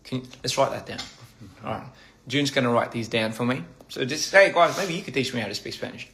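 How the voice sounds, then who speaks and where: A man casually chatting on a phone livestream over a meal, halting and repeating words and laughing at his own slips. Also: medium pitch, lively intonation, fairly bright tone. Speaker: livestream host. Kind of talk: casual livestream chat while eating. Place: indoors at a meal table.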